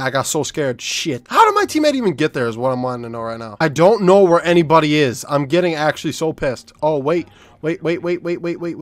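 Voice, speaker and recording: A young man giving live commentary over a shooter game, swearing often and swinging from low mumbling to loud yelling. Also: big pitch swings, brisk, dry recording. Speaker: gaming YouTuber.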